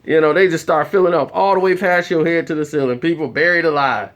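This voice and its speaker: A man telling a comedic story in an animated way, acting out the voices of the people in it. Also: fairly high pitch, fast talker.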